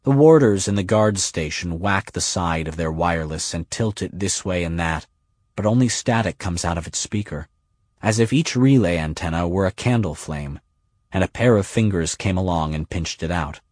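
A man reading a novel aloud in a measured, lyrical way. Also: low voice, a little mellow, no echo. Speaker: audiobook narrator. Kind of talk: scripted narration.

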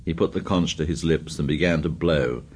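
A man narrating a novel in a measured, steady storytelling manner. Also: a bass voice. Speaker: audiobook narrator. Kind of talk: scripted narration.

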